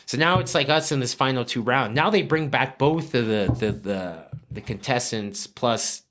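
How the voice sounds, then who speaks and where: A man from New Mexico, a guest chef, telling a story in a casual, animated podcast chat with frequent fillers. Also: medium pitch, normal speed, slight background noise.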